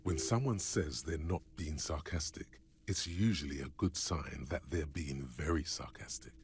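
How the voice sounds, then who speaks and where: A man's voice: extremely low pitch, moderate pace, voice pushed down. A man voicing a dry, wry inner narrator in a game playthrough. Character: gravelly deep male game narrator.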